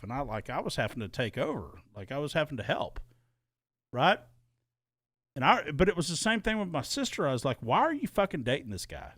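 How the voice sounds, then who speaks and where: A man's voice: medium pitch, fairly bright tone, no echo, clean studio sound. A man co-hosting a podcast, telling a heated personal story in casual, profane chat and re-enacting arguments. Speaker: podcast co-host.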